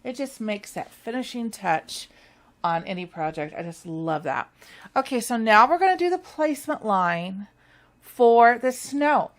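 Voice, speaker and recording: Upbeat female sewing instructor, slightly higher voice, friendly step-by-step tutorial delivery. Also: animated, a little slow. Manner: upbeat, chatty, enthusiastic about stitching. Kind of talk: machine embroidery tutorial.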